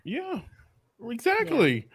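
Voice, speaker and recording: A man chatting on a podcast, riffing in a joking, animated way. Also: very high voice, takes it slowly, no echo, clean studio sound. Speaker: podcast guest or co-host. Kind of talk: casual chat.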